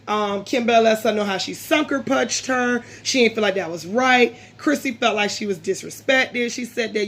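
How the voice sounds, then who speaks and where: A woman's voice: fairly high pitch, normal speed, a bit bright. A woman recapping a reality TV episode in a casual, opinionated way, with frequent ums and frank asides. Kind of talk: casual spoken episode review.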